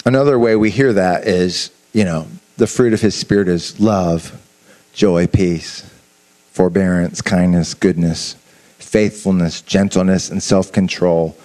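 A man giving an informal sermon, talking in an animated, conversational way with asides to the listeners and frequent restarts. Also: deep voice, unhurried. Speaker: preacher. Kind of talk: informal sermon to a youth audience.

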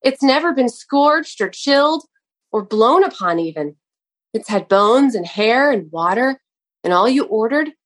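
A woman's voice: on the high side, expressive, unhurried, low-quality recording. A woman reading aloud and voicing a simple, grieving young man who pleads through tears, in a raised voice. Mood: tearful pleading.

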